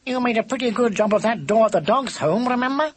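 A man's voice: very high voice, animated, fast, breathy edge, pitched above the performer's own voice, full character voice, poor audio. A man voicing a wry, sly male cat who drawls and teases in an audiobook. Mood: teasing. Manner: drawling, mocking, musing. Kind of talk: audiobook character voice.

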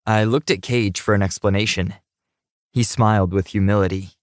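A male audiobook narrator with a low voice telling the story in a steady, even way. The recording is dry and close, with no room sound. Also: normal speed, no echo.

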